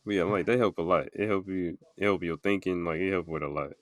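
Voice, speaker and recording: Young male podcast host, very low voice, dry close sound, loose rambling delivery full of fillers. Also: fast, dry recording. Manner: rambling, filler-heavy storytelling with many "like"s. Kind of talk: casual podcast chat.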